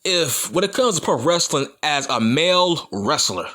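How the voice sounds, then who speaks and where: A man's voice: on the high side, expressive, normal speed, pushed and bright. A man ranting about wrestling to his viewers in a heated, profane way, repeating his points for emphasis. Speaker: wrestling YouTuber. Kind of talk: profane opinion rant to camera.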